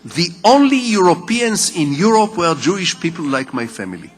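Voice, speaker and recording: An older man with an Israeli accent, speaking in a husky voice that sits somewhat high for a man. He lectures in a measured, story-telling way, and his voice carries the long reverb of a big hall. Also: sing-song, soft background music. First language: Hebrew. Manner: measured storytelling with rhetorical repetition. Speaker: writer giving a lecture. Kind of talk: public lecture.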